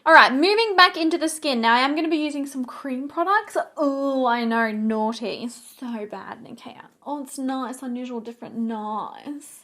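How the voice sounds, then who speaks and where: A woman's voice: sits high, fairly bright tone. A young woman in a chatty, playful get-ready-with-me video who drifts off topic as she talks through her makeup. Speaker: beauty vlogger. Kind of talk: casual get-ready-with-me chat.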